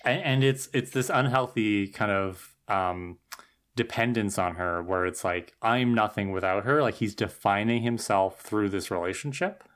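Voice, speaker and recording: A man's voice: lowish voice, unhurried. A man co-hosting a podcast, reflecting on a TV series in casual talk, often restarting his sentences. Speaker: podcast co-host. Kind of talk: casual episode discussion.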